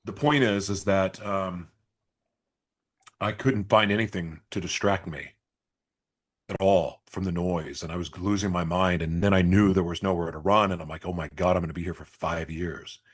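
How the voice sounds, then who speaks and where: A man's voice: low-pitched, normal speed. A man guest in an interview, telling his story candidly and confessionally, swearing at times.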